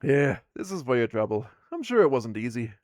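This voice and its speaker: A man's voice: mid-range voice, very animated, brisk, darkish tone, dry recording, clean studio sound, lightly acted. A man voicing a grumpy young female dwarf merchant, grumbling and impatient, while reading out a tabletop game. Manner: grumbling, impatient, put-upon. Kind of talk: reading game character dialogue aloud.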